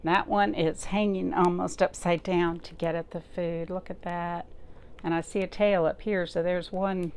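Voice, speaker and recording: A woman librarian reading a picture book aloud to children, pausing often to point things out and ask them questions. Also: fairly low pitch, clean tone. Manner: slow, expressive, pausing to talk to young listeners.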